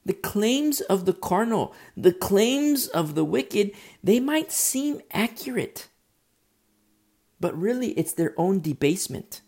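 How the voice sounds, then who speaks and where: A man's voice: high voice, big pitch swings, takes it slowly, darkish tone. A male preacher delivering a sermon with earnest storytelling, often restarting his phrases.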